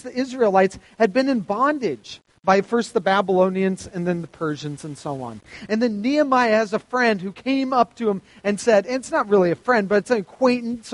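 A man's voice: high-pitched, no room sound. A man preaching to teenagers in a casual youth sermon, chatty, acting out quotes and quizzing the crowd. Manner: chatty, acts out quotes, asks the crowd questions. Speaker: youth pastor.

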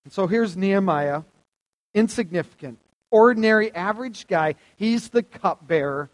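A man's voice: sits high, lively intonation, moderate pace, big-room sound. A man preaching a sermon to a live audience, conversational and asking them questions. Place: hall with stage lights.

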